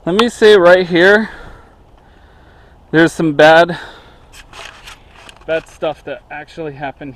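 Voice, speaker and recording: A man's voice: fairly high pitch, a little hiss or hum. A man walking through woods and talking casually, out of breath, rambling with many fillers. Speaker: vlogger. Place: outdoors in woods.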